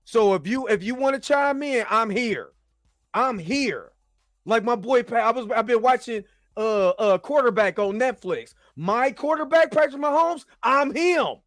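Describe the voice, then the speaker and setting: A man's voice: very high-pitched, lively intonation, measured pace, a bit bright, no echo, studio quality. A man hosting his own show, ranting animatedly about pop culture, repeating himself and swearing. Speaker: show host.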